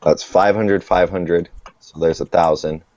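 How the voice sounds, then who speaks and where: A man running a tabletop game as game master, unhurried as he narrates and tallies rules and experience points. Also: deep voice, fairly even intonation, a little mellow, no room sound. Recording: dull lo-fi dry sound.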